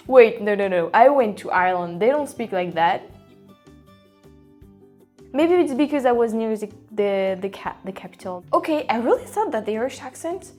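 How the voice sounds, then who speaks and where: A woman from France with a French accent, chatting on a casual reaction vlog and thinking aloud with lots of restarts and bursts of excitement. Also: a little high. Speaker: vlogger.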